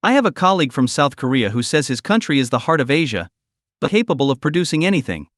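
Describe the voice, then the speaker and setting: A man's voice: mid-range voice, big pitch swings, fast talker, a bit bright, dry recording, studio quality. A man voicing a burly, blunt bearded man in a recap story. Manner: blunt, matter-of-fact.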